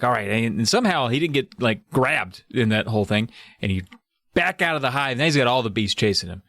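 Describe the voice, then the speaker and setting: A man talks through a story in a loose, swearing, animated way. His voice sits at an ordinary pitch, and the sound is dry and close. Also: no echo. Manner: profane, animated retelling with voiced characters. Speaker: podcast host. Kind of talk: casual chat, recapping a book.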